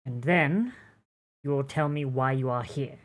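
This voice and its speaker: Woman doing a big, solemn creature guard. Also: rumbling low. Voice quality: measured, formal speech. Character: large, solemn guard, not human.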